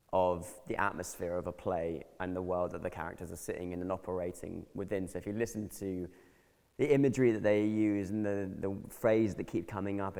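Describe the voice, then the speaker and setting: British guy actor, really deep voice, calm, echoey hall. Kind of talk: discussing a play. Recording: roomy hall reverb.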